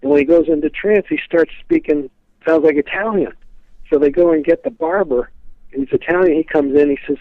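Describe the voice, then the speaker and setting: A man's voice: a little high, a little fast, no echo. Male guest, casual rambling storyteller, heard over a thin phone line. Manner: rambling, many "you know" fillers. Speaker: guest speaker on a psychic's teachings.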